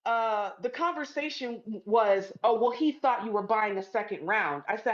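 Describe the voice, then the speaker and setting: A woman telling a story to camera in a blunt, profane, emphatic way. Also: fairly high pitch. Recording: dull lo-fi sound.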